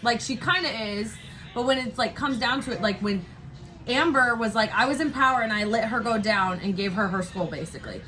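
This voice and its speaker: A woman co-hosting a casual chat, animated and quick to act out what others said. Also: fairly high pitch, a little hiss or hum. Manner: animated, quotes people in exaggerated voices, laughs a lot. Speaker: co-host.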